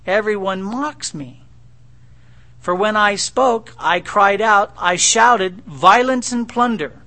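A sulky, anguished young prophet pours out his complaint in a high, bright, ringing voice, as a preacher acts him out. He pleads and protests with emphatic, exasperated force. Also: takes it slowly, full character voice.

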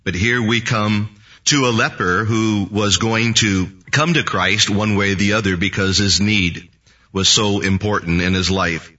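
A man preaching a sermon, reading scripture and teaching in a slow, deliberate way. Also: on the low side, fairly even intonation, pushed and bright, far from the mic, highs cut off.

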